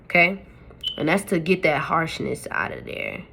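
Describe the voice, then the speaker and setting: A woman's voice: low-pitched, wildly swooping pitch, a little slow, gravelly, pushed and bright. A woman hosting a makeup tutorial, talking to her viewers in a chatty, playful way. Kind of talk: casual step-by-step tutorial talk.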